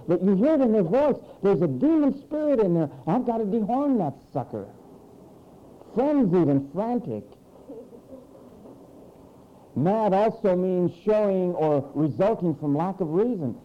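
A man preaching a sermon in a church, animated and mocking as he mimics frantic people. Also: high voice, moderate pace, lo-fi sound.

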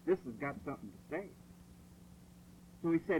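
A man preaching a sermon in a church hall, insistent and forceful, driving points home through repetition. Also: on the high side, animated, normal speed, narrow, tinny audio, slight background noise. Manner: forceful, insistent, repeats phrases for emphasis.

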